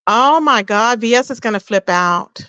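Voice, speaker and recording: A woman chatting casually, retelling gossip in an animated way, acting out what others said and laughing often. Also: a little high, no room sound, highs cut off. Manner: animated storytelling, quotes people in raised voice, laughs often. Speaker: co-host.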